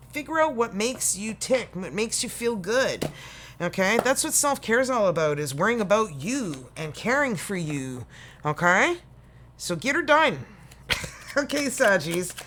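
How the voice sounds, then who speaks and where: A woman's voice: medium pitch, fairly bright tone. A Canadian woman giving a casual, chatty tarot reading to camera, full of folksy sayings. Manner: chatty and folksy, full of "you know" and "okay". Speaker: tarot reader.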